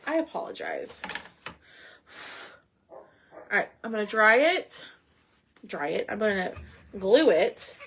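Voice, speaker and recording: A woman's voice: mid-range voice, very animated, slow pace, gravelly, pauses often, slightly rough. A woman hosting a casual crafting livestream, chatting and thinking aloud as she works. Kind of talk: casual live crafting chat.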